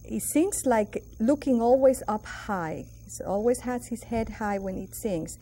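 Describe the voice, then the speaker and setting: A woman's voice: on the high side, a little slow, mellow, slight background noise. A woman from Puerto Rico with a Puerto Rican Spanish accent, teaching a Spanish lesson and drawing out each phrase for pronunciation drills. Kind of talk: classroom TV lesson.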